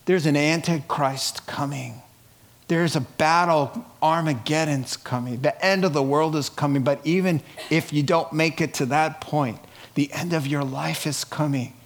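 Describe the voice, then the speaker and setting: A man preaching a sermon, swinging from hushed, quiet lines to loud, laughing outbursts. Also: a little high, unhurried. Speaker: pastor.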